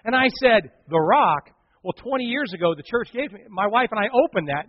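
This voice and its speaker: A man, a pastor, preaching a sermon and telling a story, acting out the voices of the people in it, swinging from hushed to loud. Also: high-pitched, big pitch swings, fairly quick, no room sound, dull audio.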